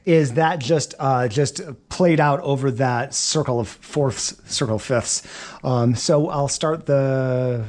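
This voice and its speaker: A man teaching double bass, chatting and thinking aloud as he works through practice exercises, sweaty and a little winded. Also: takes it slowly, a little mellow. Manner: chatty, rambling, thinks aloud between passages. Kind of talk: casual practice demonstration.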